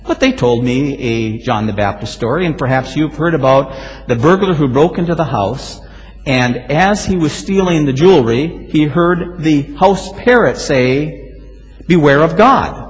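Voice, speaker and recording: A male pastor preaching a sermon, telling stories with lively swings and sudden loud exclamations. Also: on the high side, moderate pace. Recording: hall reverb.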